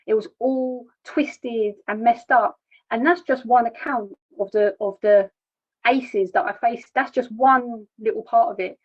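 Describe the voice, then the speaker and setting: Woman, fairly high voice, plain halting testimony, dull lo-fi sound. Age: adult. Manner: plain, halting, repeats words when emotional. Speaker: charity founder sharing her story. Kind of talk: personal testimony. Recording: dull lo-fi recording.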